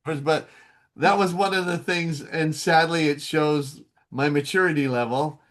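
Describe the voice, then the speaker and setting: A man who works as a voice actor, a guest in a casual interview, telling animated stories and laughing often. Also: fairly high pitch, a little slow.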